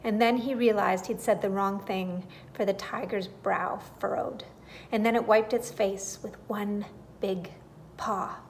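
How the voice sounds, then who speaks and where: A woman reading a children's bedtime story aloud in an expressive, animated way. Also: medium pitch, measured pace, slight background noise.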